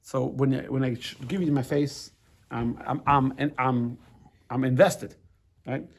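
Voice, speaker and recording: A man's voice: mid-range voice, steady tone, unhurried. A middle-aged American rabbi teaching a casual class, talking loosely, restarting his sentences and checking in with the room. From United States. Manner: conversational, repeats words and restarts, asks the room "right?".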